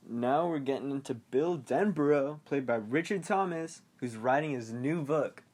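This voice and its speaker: A man's voice: mid-range voice, moderate pace, a little mellow. A man hosting a casual podcast, recapping a film in a rambling way, laughing often and briefly acting out scenes in silly voices. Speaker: podcast host reviewing a film.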